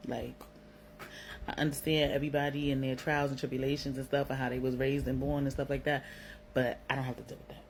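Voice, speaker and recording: A woman's voice: a bass voice, level tone, fast talker, a little mellow, a little hiss or hum, poor audio. A young woman from Brooklyn with a New York accent, telling a personal story in a candid, slangy way, swearing freely and filling her talk with "like.". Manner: blunt, slangy, swears freely, lots of "like" fillers.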